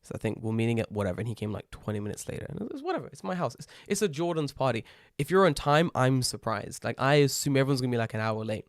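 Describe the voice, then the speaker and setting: A young man, co-hosting a casual podcast, telling animated stories and swearing freely. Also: mid-range voice, quick pace, dry recording, clean studio sound. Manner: lively storyteller, swears freely, impersonates friends. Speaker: podcast co-host.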